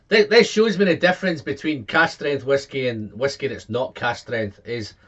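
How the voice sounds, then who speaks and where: Excitable man reviewing whisky. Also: a little high, lo-fi sound. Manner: excitable, lists tasting notes, repeats words and exclaims. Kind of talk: casual tasting review.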